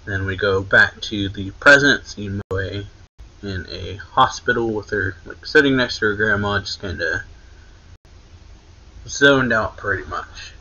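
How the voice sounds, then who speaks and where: A man's voice: fairly low pitch, slow, pauses often, bright, forceful tone, dull audio. Rambling young man recapping a story. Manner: rambling, filler-heavy retelling with many likes and restarts. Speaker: anime reaction channel host. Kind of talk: casual manga recap.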